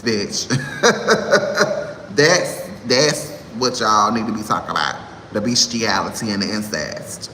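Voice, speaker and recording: A man's voice: medium pitch, bright, forceful tone. A man in his thirties delivering a sassy, exasperated monologue to camera, ranting with laughs. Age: 30s. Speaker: vlogger. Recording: echoey room with long reverb, faint noise.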